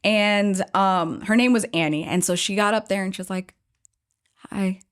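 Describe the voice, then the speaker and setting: A woman guest telling a workshop story in a lively, conversational way, often acting out what people said. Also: medium pitch, normal speed, smooth. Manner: animated, acts out quoted voices.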